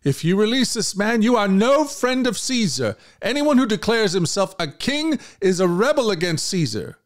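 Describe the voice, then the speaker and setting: A man doing shouting crowd of accusers. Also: high-pitched, normal speed, voice pushed up, close to an everyday voice. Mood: insistent. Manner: shouting, insistent. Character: male crowd of leaders demanding death.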